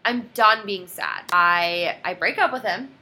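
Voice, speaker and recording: A woman in her twenties telling a personal story in casual chat, animated and quoting others dramatically. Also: mid-range voice, measured pace.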